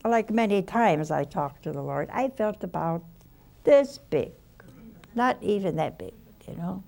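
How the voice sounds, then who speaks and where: An older woman who is a nun speaks informally about spiritual matters, weaving in personal anecdotes at an easy pace with sighs and quiet asides. Her voice is on the low side, with lively intonation and vocal fry.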